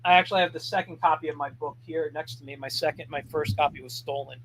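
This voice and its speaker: A man's voice: fairly high pitch, fairly even intonation, quick pace, a bit bright, slight background noise. A man being interviewed about his cartooning, telling stories in an easygoing way with plenty of fillers. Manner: easygoing storyteller, many fillers. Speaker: guest cartoonist. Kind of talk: casual interview chat.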